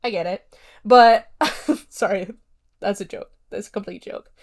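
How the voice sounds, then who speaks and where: A woman's voice: medium pitch, a little slow. A woman hosting a casual solo podcast, chatting through a horror film review in a rambling way with lots of fillers. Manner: retells scenes by acting out quotes.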